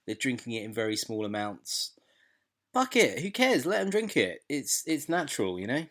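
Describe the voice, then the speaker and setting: Bloke on a podcast, opinionated, swears a bit, gets animated. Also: male voice, medium pitch, moderate pace. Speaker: podcast co-host. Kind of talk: casual chat.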